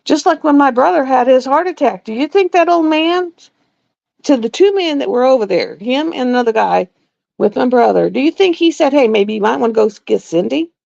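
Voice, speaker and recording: Blunt gravelly middle-aged woman, lo-fi. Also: high-pitched, animated, moderate pace, a little mellow, no echo. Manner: blunt, exasperated storyteller. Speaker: nurse. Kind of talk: casual live-stream chat. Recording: dull lo-fi dry live-stream audio.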